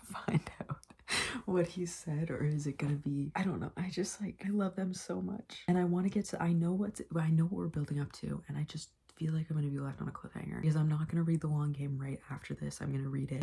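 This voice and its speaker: A young woman with a low, flat voice, gravelly with fry and a husky edge, gushing and rambling about her reading at home. She talks in loose, excited run-on sentences full of filler, like a casual vlog to her viewers. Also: a little fast. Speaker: booktuber.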